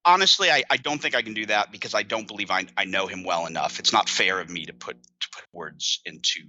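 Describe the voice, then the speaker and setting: A man's voice: fairly low pitch, fast talker, pushed and bright, lo-fi sound. A man speaking earnestly and reflectively as a podcast guest, talking openly about his feelings. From United States. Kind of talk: candid conversation.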